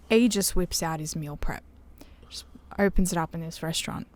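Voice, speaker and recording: A woman's voice: on the low side, fairly quick. A woman, a podcast guest chatting casually and telling a story, acting out what others said. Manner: animated, acts out quotes of others. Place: caravan music studio.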